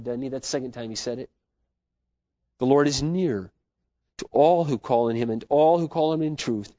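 A man preaching a sermon as pastor, swinging between loud, fervent declarations and soft, hushed asides. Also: fairly high pitch, no room sound. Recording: dull, lo-fi sermon recording.

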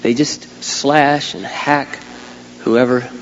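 A middle-aged man preaching a sermon as a pastor, swinging from quiet asides to loud, emphatic outbursts. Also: mid-range voice, fairly even intonation, slow, creaky, muffled recording. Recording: long hall reverb, faint hum.

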